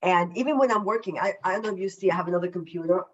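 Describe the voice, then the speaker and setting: A woman, a self-love coach, talking as a podcast guest over a video call, effusive and emphatic, deliberately slowing down her naturally quick way of speaking. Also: on the low side, muffled recording. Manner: deliberately slowing her usual fast speech. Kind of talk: casual podcast interview.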